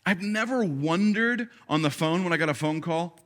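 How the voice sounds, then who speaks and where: A man in his thirties, a pastor preaching a sermon in a conversational way, with halting restarts and acted-out quotes. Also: fairly high pitch, lively intonation, fairly bright tone.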